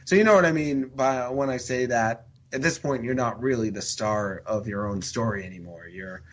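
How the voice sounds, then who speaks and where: A man's voice: mid-range voice, normal speed, lo-fi sound, a little hiss or hum. A man talking as a podcast guest in a rambling, chatty way full of fillers and restarts. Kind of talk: casual podcast chat.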